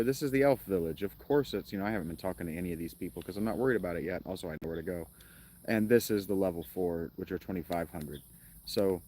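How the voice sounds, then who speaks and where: Male streamer, lower voice, loose rambling commentary with sarcastic jokes. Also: fast talker, darkish tone. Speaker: gaming streamer. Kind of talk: casual gameplay commentary.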